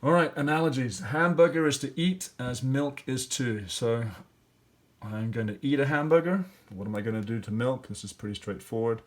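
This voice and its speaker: A man's voice: mid-range voice, moderate pace. A male teacher walking through grammar and spelling exercises step by step, thinking aloud with fillers. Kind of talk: classroom lesson walkthrough.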